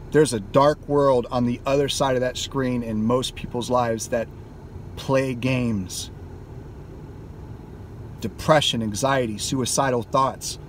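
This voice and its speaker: A gaming YouTuber records a heated vlog rant from inside his car, cursing liberally. He speaks at medium pitch over a little hiss or hum.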